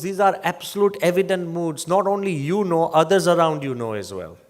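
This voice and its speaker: An older man from England, a monk giving a motivational talk, telling humorous stories with wry, lively delivery. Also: a little high, a little fast, few pauses. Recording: long reverb of a large hall.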